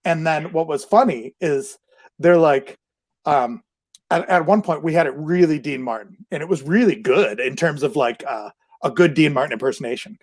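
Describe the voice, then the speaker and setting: A man's voice: a little high, moderate pace, a little mellow. Man, podcast host, casual storytelling, rambling, laughs often.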